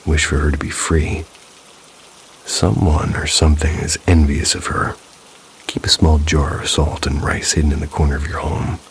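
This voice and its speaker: A man voicing an old female village healer who gives calm, cryptic warnings in a slow, hushed way. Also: very deep voice, gravelly, slight background noise.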